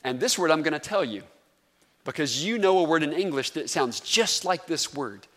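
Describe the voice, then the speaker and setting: Long reverb fills the sanctuary as a Southern pastor from North Carolina preaches conversationally, often posing questions to his listeners. His voice is expressive, a bit bright, and slightly higher than most men's, moving at a moderate pace.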